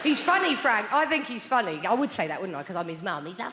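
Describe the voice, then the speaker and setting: A woman's voice: mid-range voice, very animated, fast, few pauses, over loud music. A woman in her thirties from England performing a stand-up comedy routine, telling playful stories and slipping into acted-out voices. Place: large theatre stage. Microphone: stage microphone. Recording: live theatre hall with long reverb and audience noise.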